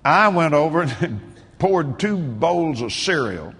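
A man preaching a sermon, telling a story in an animated way that bursts into shouts and laughter. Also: on the high side, slow pace, breathy edge, big-room sound.

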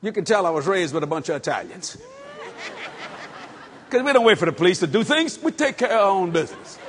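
A middle-aged man from New Orleans, preaching a sermon as animated storytelling with shouted bursts and chuckles. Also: high voice, fairly quick, a little hiss or hum. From New Orleans, USA. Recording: long hall reverb.

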